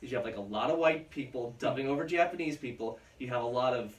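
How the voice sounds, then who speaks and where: A man's voice: medium pitch, fast talker, roomy sound, distant mic. A man co-hosting a casual film podcast from home, swearing freely and slipping into mocking voices. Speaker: podcast co-host. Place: home room.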